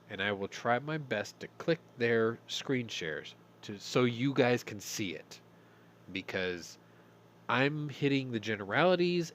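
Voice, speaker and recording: A man's voice: on the low side, a bit bright, a little hiss or hum. A middle-aged man hosting a live-stream news talk show, casual and rambling, swearing freely. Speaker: host.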